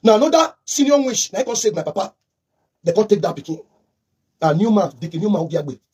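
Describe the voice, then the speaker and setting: A Nigerian man who slips into Pidgin, talking in a high, husky voice as he delivers heated political commentary. He rushes through his points with fervent, repetitive emphasis. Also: very animated, a little mellow.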